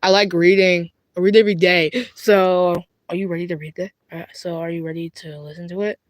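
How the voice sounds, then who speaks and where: A young woman with a British accent speaks for two bickering plush toys in a lighthearted skit at home, fumbling her lines, restarting and wandering off track. Her pitch is fairly low and her intonation fairly even, she talks a little fast, and the recording is dry.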